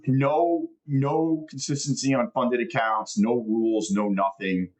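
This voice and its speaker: A man's voice: medium pitch, fairly even intonation, unhurried, darkish tone. A man chatting casually on a live trading stream, blunt and dismissive, with plenty of swearing.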